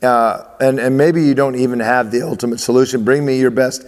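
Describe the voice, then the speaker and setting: A male baseball coach speaking emphatically to his athletes, driving each point home by repeating it. His voice sits at an ordinary middle pitch. The room adds a long, lingering reverb. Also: fairly even intonation, fairly quick, darkish tone. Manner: emphatic, repeats phrases, restarts.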